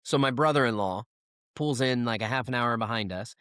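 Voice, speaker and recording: A man's voice: mid-range voice, fairly quick, a bit bright, clean tone, dry recording, clean studio sound. A man co-hosting a podcast, telling long rambling stories in casual chat, full of fillers and restarts. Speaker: podcast co-host.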